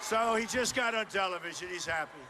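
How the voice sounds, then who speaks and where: A man giving a campaign rally speech, punchy and repetitive and boastful, often shouting to the crowd through a stage microphone in a large indoor venue. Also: high-pitched, brisk. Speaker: political candidate. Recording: long hall reverb with faint crowd noise.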